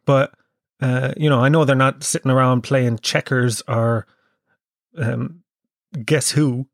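A man's voice: mid-range voice, fairly even intonation, slow pace, creaky, dry recording, studio quality. A young Irish man from Kerry hosting his podcast while sick with a cold, rambling and swearing in a self-mocking way. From Ireland. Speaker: podcast host. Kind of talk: casual comedic monologue.

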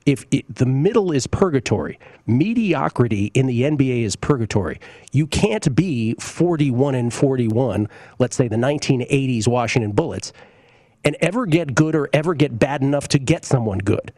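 Coughing and briefly choked up, a man hosting a sports betting talk show reads listener tweets and shares conversational, opinionated takes on games and bets, with many fillers and asides. His expressive mid-range voice has a darkish tone at normal speed. It's studio quality, with no echo.

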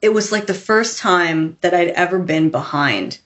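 A woman author telling stories in a casual interview, chatty and animated, acting out quotes as she goes. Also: on the low side, moderate pace. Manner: chatty, animated storytelling with laughs and acted quotes. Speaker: author, podcast guest.

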